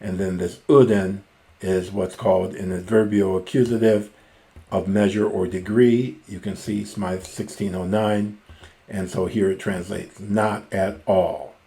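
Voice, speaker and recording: A man's voice: deep voice, fairly even intonation, unhurried, mellow. A middle-aged man teaching a classical reading lesson, reading lines aloud and then parsing them word by word in a methodical way. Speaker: Greek teacher.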